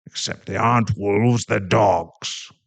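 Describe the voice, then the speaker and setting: A man's voice: on the low side, takes it slowly. A man voicing a sheepish werewolf father with dad jokes who rambles in an audio role-play. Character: awkward gentle werewolf dad.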